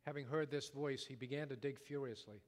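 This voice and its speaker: A man preaching a sermon, telling a story dramatically, rising loud and dropping to a hush. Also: mid-range voice, fairly even intonation, fairly quick. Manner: dramatic storytelling, wide swings from loud to hushed. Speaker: pastor. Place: church sanctuary. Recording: long reverb of a large hall.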